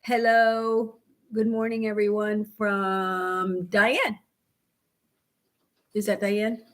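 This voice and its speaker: An older woman co-hosting a craft podcast, telling stories in a lively, chatty way and acting out other people's voices. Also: mid-range voice, very slow. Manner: animated storyteller, acts out voices. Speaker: podcast co-host. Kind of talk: casual chat.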